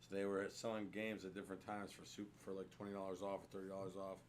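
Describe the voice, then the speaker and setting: A podcast co-host with a low voice talks quickly in a level tone, rambling through a casual chat with lots of fillers and restarts. He's on a studio microphone, with a little hiss or hum in the recording.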